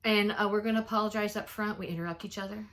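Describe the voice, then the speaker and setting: A woman's voice: medium pitch, fairly even intonation, quick pace. Chatty retired woman co-host, easy laugh, recorded on a phone. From Louisiana, USA. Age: older. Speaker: podcast co-host. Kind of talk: casual chat. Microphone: phone on a table.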